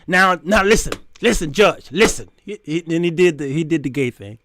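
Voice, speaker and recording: A man hosting a comedic commentary show, telling a story in an animated way, laughing often and addressing his viewers directly. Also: fairly high pitch, moderate pace, dry recording. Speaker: show host.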